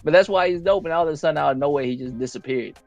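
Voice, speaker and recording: A man's voice: on the high side, very fast, creaky, a little mellow, highs cut off, soft background music. A man co-hosting a podcast, talking casually in a rambling, laid-back way. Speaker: podcast co-host. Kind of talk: casual chat.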